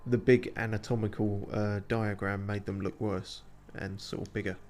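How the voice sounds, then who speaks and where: A man's voice: fairly low pitch, level tone, normal speed, a little mellow, slight background noise. A man streaming a video game, chatting casually with plenty of swearing and self-mocking asides. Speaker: let's play streamer. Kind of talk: casual gameplay commentary.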